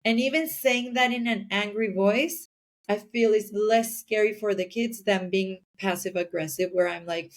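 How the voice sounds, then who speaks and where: A woman speaking as a podcast guest in an earnest, conversational way about raising kids. Her voice sits in an ordinary middle pitch, and she warms to her points by acting out small scenes. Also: steady tone, normal speed. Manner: earnest, acts out little scenes in other voices. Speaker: parenting guest. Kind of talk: casual podcast chat.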